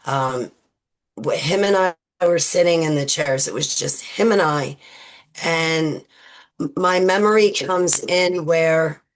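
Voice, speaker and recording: A woman in her forties, a guest in an interview, speaks in a low-pitched voice. She recounts personal memories haltingly, with lots of fillers and restarts.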